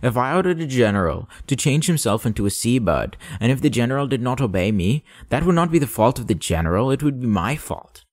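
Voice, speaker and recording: A man's voice: mid-range voice, big pitch swings, a little fast, few pauses, dry recording, clean studio sound. A man doing a pompous old king. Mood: commanding. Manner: commanding, grandiose. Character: pompous old male king, absolute monarch. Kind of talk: audiobook character voice.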